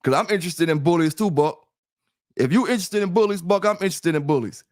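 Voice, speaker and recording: A middle-aged livestream host with a high-pitched voice talks fast in casual chat, rambling and repeating himself as he speaks directly to listeners. The sound is clean studio quality with no room sound.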